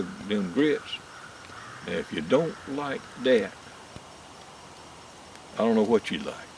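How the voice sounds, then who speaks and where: Older Southern male host, gravelly, folksy drawling storyteller, mic set back outdoors. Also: lowish voice. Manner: lively drawling yarn-spinning. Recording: distant mic outdoors with faint nature noise.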